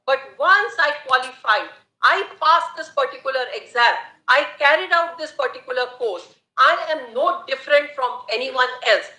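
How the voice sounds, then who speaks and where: A woman making a formal, deliberate argument to a court as an advocate. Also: high voice, animated, pushed and bright. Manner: deliberate, formal, addresses the bench as my lords. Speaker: advocate arguing before the court. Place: large courtroom. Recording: roomy courtroom sound.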